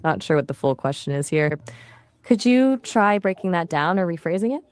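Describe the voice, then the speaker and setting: A woman's voice: lowish voice, lively intonation, moderate pace. A woman's voice acting as an AI voice assistant in casual chat, chatty and polite, often asking follow-up questions.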